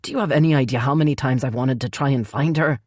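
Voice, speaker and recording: A brooding male elf heir, gruff and curt, growling out his words, as a woman narrator puts him on. The voice sits very low and is dry and close, an audiobook read. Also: fast, darkish tone, no echo. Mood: stern. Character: brooding male elf crown prince, stern.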